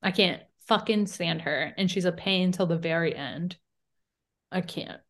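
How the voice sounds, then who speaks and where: A woman's voice: lowish voice, a bit bright. A young woman co-hosting a podcast, chatting casually about reality TV in a blunt way, with frequent swearing. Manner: blunt, swearing, quick asides. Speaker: podcast co-host.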